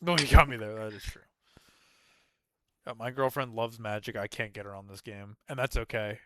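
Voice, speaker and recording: A man in casual podcast chat with a bright, crisp and smooth voice. He keeps the talk moving from topic to topic, often stopping to apologize. The sound is dry and close. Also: lowish voice, fairly even intonation, no echo. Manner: steers the talk, quick to apologize. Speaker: podcast co-host leading segments.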